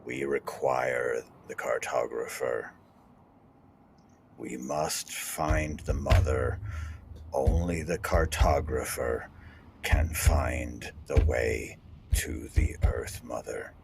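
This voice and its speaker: A man voicing a solemn, fanatical male ship crewman in a slow, grave, chanting delivery. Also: rumbling low, level tone, vocal fry, noisy background, voice pushed down, heavily acted.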